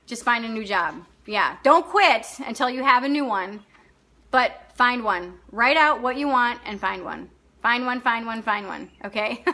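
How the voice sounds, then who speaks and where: A high, bright-voiced woman leads a live online coaching class. She talks off the cuff and bluntly, swearing freely and laughing often as she answers viewers' comments.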